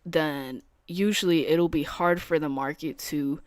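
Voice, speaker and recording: A woman's voice: low-pitched, steady tone, measured pace, no room sound. A young adult woman streaming as a day trader, talking casually in slangy speech, laughing easily and explaining her setups.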